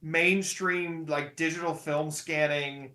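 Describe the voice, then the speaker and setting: A man's voice: on the high side, steady tone, takes it slowly, pushed and bright, echoey room. A man co-hosting a podcast, rambling with lots of fillers and jokey asides. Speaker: podcast co-host. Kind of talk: casual chat.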